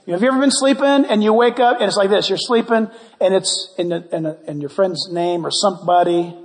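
A pastor preaching a sermon, playful and animated, acting out prayers and little dialogues. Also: male voice, high-pitched, fast. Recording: long hall reverb.

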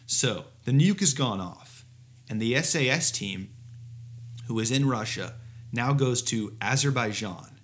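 A man's voice: mid-range voice, expressive, a little slow, fairly bright tone. A man co-hosting a comedy podcast, riffing sarcastically with mock outrage and swearing. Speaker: podcast co-host. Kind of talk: comedic casual chat.

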